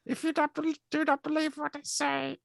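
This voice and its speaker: Father Christmas, high voice, gravelly, kind, friendly, dry close sound. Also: flat delivery, fairly bright tone, no echo, full character voice. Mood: kindly. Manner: kind, friendly, slow delivery. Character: kindly jolly old Father Christmas, male. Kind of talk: comic folk play reading.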